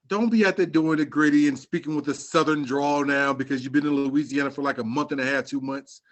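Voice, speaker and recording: Animated man ranting casually about sports. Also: a little high, fairly quick, few pauses. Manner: animated rant, slangy and joking. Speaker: podcast co-host.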